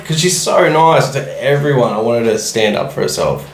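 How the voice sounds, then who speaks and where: A man's voice: mid-range voice, sing-song, brisk, creaky, roomy sound. A man with an Australian accent co-hosting a casual podcast, chatting in a laid-back, sweary way. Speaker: podcast co-host.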